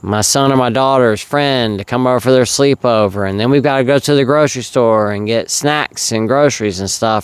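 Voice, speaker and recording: This recovery vlogger is a man in his thirties from South Carolina whose mid-range voice has a clear, resonant tone. Speaking to camera, he rambles earnestly to his viewers, filling his casual monologue with lots of uhs and you-knows.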